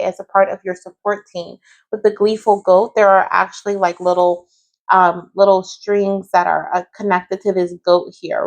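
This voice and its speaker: A woman giving a spirit baby tarot reading to camera from home. She speaks gently and often checks in with a soft "okay?". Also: mid-range voice.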